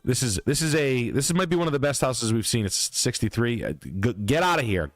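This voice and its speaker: A man's voice: medium pitch, expressive, fairly quick, no echo. A man hosting a livestream, ranting bluntly and profanely in a casual, emphatic way. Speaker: livestream host.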